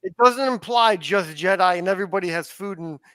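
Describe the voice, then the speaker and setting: A man's voice: sits high, brisk, fairly bright tone, dry recording. A man in casual podcast chat, rambling with restarts and casual swearing. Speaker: podcast co-host.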